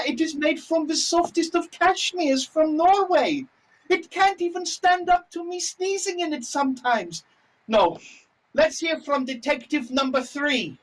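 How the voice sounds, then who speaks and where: A feeble, whimpering suspect, played by a performer in an improvised stage mystery, pleading weakness in a slow, unhurried way. The voice sits well back from the mic. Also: mid-range voice, a bit bright, breathy edge. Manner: whiny, self-pitying protests. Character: timid suspect, pathetic and weak. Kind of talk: improvised theatre role-play. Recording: distant from the mic.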